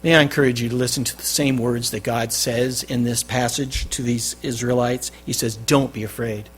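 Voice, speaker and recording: A man preaching a sermon as pastor, with loud stressed phrases that drop to quiet endings. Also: mid-range voice, fairly even intonation, moderate pace, slight background noise. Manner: emphatic, swinging between loud stresses and quiet drops. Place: church.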